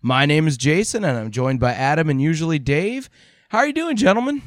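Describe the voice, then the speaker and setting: A man hosting a podcast, animated and jokey, laughing often as he chats. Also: a little high, fairly quick, no echo, clean studio sound. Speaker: podcast host. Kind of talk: casual podcast banter.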